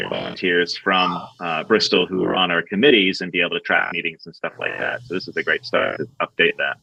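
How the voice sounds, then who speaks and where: A man on a town selectboard asking earnest, halting questions in a meeting over a video call. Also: low voice, steady tone, vocal fry, pushed and bright, husky. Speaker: selectboard member. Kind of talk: public meeting discussion. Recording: dull, muffled video call audio.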